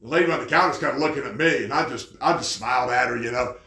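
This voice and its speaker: A man preaching a sermon with an animated delivery, often jumping high in pitch as he acts out angry people. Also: rapid-fire. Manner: animated, jumps to high pitch when mocking others. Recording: echoey room.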